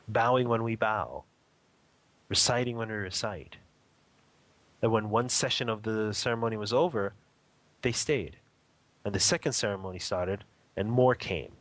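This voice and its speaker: A man's voice: on the low side, dry recording. A man, a spiritual teacher, telling a personal story in a radio interview, earnest and vivid, often rephrasing as he describes what he saw.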